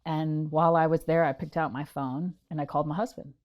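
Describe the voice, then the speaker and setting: A middle-aged woman with a notably low voice recounts her experience as an interview guest. She tells it animatedly, slipping into the voices of the people she quotes. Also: fairly quick, lo-fi sound. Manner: animated storyteller acting out quotes. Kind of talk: interview storytelling.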